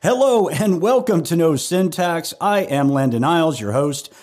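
A man's voice: on the high side, lively intonation, moderate pace, a little mellow. A man hosting his own podcast from home, chatting casually with a loose, self-deprecating manner, free swearing and frequent restarts. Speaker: podcast host. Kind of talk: casual rambling podcast monologue.

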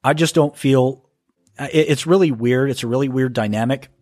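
A man hosting a podcast from home talks casually through listener mail. He often stumbles and restarts mid-sentence. His voice sits at an ordinary pitch and sounds close and dry, with no room around it. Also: a little mellow, dry recording. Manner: halting, stumbles and restarts when reading aloud. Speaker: podcast host.

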